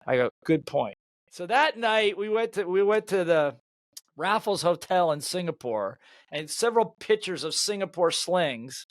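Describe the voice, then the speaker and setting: High-voiced older man telling stories. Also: unhurried, dry recording. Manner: lively anecdotal storyteller who laughs at his own stories. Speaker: guest, sales trainer and author. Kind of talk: storytelling in an interview.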